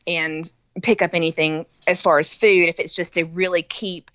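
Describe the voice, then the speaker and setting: A middle-aged woman chats casually and tells stories with a sarcastic edge. Her voice sits a little low but sounds bright. The sound is dry and close to the mic. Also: fairly even intonation, moderate pace, no echo, lo-fi sound. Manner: chatty storytelling, sarcastic asides. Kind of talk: casual chat.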